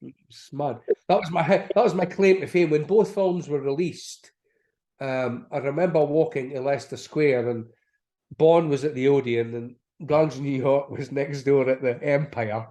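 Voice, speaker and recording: A middle-aged actor, chatting as an interview guest and telling stories in a relaxed, anecdotal way. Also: male voice, mid-range voice, unhurried. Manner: chatty, laughing, acts out quoted dialogue. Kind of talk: casual anecdotal storytelling.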